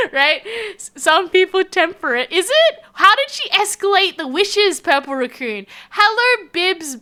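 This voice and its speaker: Bright, lively Australian woman streamer. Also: high voice. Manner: giggly, animated, chatty. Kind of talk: casual live-stream chat, reading chat aloud.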